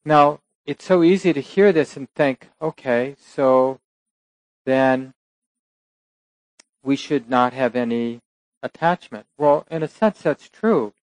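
A man giving a relaxed dharma talk, telling a teaching story with soft asides and small laughs. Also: medium pitch, slow pace, long pauses, no echo, poor audio.

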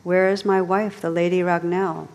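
A woman's voice: on the low side, little pitch movement, a little mellow, in a large hall, close to an everyday voice. A woman reading the part of an earnest, devoted young male knight. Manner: earnest, halting at moments.

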